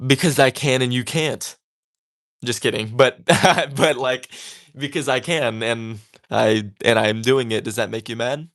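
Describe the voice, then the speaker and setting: A man's voice: medium pitch, fairly even intonation, unhurried, a bit bright. Chatty young man, casual and defiant. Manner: chatty and defiant, with many fillers. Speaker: tatting creator. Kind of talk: casual talk while crafting.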